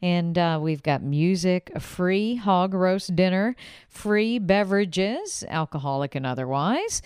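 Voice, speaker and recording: A bubbly woman hosts a casual talk show, her voice swinging up and down with life. The tone is smooth and resonant, and the sound is dry and close. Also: on the low side, animated, measured pace, darkish tone, no room sound. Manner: bubbly, laughs often. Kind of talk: casual chat.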